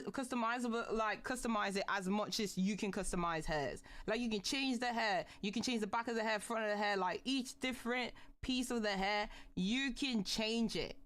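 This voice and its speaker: A woman's voice: fairly high pitch, a bit bright. A young adult woman VTuber streamer chatting casually with her viewers, ranting animatedly and swearing often. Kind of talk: casual livestream chat.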